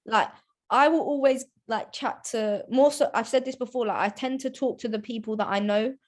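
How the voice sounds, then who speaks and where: Chatty young woman, a bit high. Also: normal speed. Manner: chatty, many restarts and "like" fillers. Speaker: guest, women's football presenter. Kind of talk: casual podcast chat.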